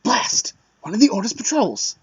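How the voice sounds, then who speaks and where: A man's voice: high voice, wildly swooping pitch, moderate pace, husky, dry recording, voice pushed up, heavily acted. A man putting on an earnest young squire. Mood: urgent. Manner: pseudo-British, earnest declamation. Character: young male squire in a medieval war, earnest and dutiful. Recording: dull lo-fi dry mic.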